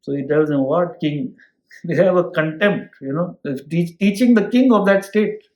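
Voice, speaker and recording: A man's voice: high voice, lively intonation, moderate pace, a little mellow, roomy sound, low-quality recording. A man giving a lecture on scripture, explaining with everyday examples and often checking with listeners. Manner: explains with homely examples and asks listeners "hmm?". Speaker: spiritual teacher.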